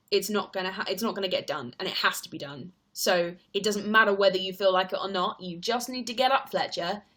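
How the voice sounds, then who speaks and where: A woman's voice: mid-range voice, fairly bright tone. Chatty young woman. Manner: chatty and rambling, heavy use of "like". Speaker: stage actor and livestreamer. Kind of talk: casual livestream chat answering viewer comments.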